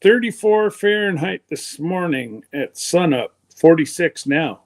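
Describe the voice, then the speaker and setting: A man's voice: a little high, very animated, a little slow, husky. A man hosting a live stream in a folksy, meandering way, his chest congested from pneumonia. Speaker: livestream host. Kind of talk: rambling casual chat.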